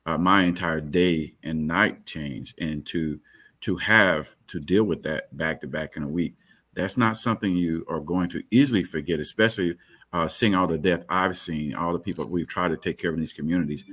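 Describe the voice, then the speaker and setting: A man's voice: extremely low pitch, a bit bright, husky. A man speaking on a webinar panel in an earnest way, often repeating words.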